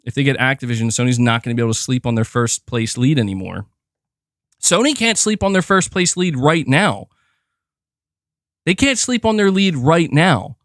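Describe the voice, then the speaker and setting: A man's voice: medium pitch, animated, moderate pace, fairly bright tone, no room sound, studio quality. A young man ranting profanely and with exasperation while commenting on gaming news on a livestream, often repeating himself.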